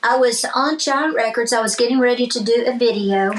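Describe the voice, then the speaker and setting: A country singer-songwriter appears as a guest in a casual interview, her slightly high voice brisk on a low-quality recording. She tells animated stories, voicing the people in them, and speaks about faith and blessings.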